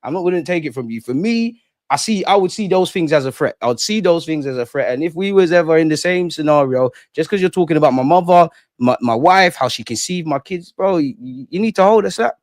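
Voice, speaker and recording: Animated London man, dry close sound. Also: a little high, a little fast, dry recording. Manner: animated, slangy, reads out viewer comments. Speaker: livestream host. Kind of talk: casual live chat.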